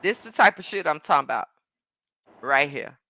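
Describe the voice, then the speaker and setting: A woman on a live stream answers her viewers in a sassy, combative way. Her voice is bright and forceful but sits a little low. The sound is dry and close. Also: animated, dry recording. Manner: sassy and combative, with drawn-out mm-mms and terms like baby and honey. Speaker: live-stream host reading viewer comments. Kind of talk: casual live-stream chat.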